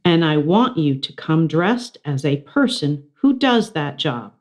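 A woman's voice: low-pitched, very animated, measured pace, highs cut off. Woman voicing a kind, patient schoolteacher. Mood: encouraging. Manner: warm and encouraging.

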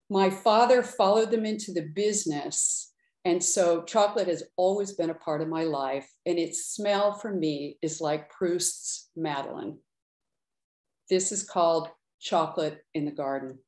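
A middle-aged woman giving a slow, measured poetry reading with brief asides. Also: fairly low pitch, a little mellow, echoey room. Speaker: poet reading her work.

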